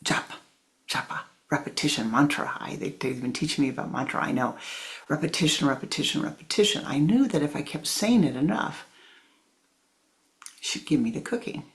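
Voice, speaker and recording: A woman spiritual teacher giving a sermon, telling a story in a deliberate way and acting out its voices. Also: sits low, expressive.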